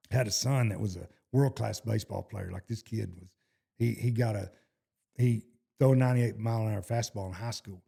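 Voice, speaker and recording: A man's voice: fairly low pitch, gravelly, dark tone, slightly rough. A middle-aged man with a Texan accent, telling cowboy stories in a casual interview, rambling and restarting his sentences in a folksy way. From Texas. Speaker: horseshoer guest.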